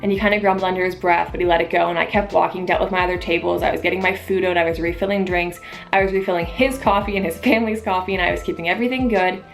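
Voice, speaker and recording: A woman's voice: fairly low pitch, rapid-fire, creaky, soft background music. A young woman, a waitress, telling a story of a rude customer in a casual vlog, acting out the dialogue with emphasis. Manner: animated, emphatic retelling with quoted dialogue. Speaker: vlogger, waitress.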